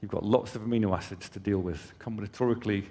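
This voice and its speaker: Speaking from the stage of a conference hall, a man presenting for his company talks fast in an easygoing, conversational style with offhand asides to the crowd. His voice is a bit low, and each phrase is followed by a long hall reverb.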